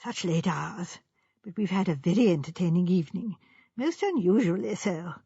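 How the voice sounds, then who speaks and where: A woman voicing a gentle, genteel old village spinster who speaks softly and mildly. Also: lowish voice, expressive, moderate pace, creaky, slightly rough, no echo, exaggerated voice. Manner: soft, genteel, mild. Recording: dull lo-fi recording.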